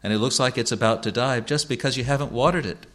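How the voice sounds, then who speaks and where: A pastor delivers a sermon to his congregation, earnest and measured, repeating phrases to drive his points home. His voice sits in the mid-range with a fairly bright tone.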